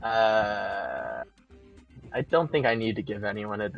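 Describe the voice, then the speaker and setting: A player in a tabletop game who speaks hesitantly, with many pauses and restarts. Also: low voice, sing-song, creaky, faint music behind. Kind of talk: casual tabletop play. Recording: dull lo-fi mic.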